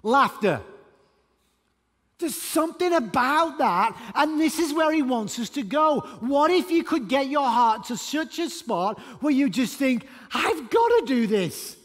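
A male pastor delivers an animated, emphatic sermon in a church auditorium. His voice sits very high for a man, and a long hall reverb trails every phrase. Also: measured pace. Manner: animated, emphatic preaching with sudden loud bursts.

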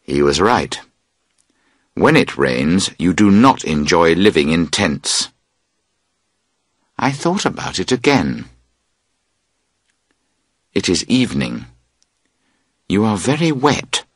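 Slow husky man reading a story. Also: no echo, studio quality. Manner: slow expressive storytelling with wide pitch swings. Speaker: audiobook narrator. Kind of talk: scripted narration of a graded reader.

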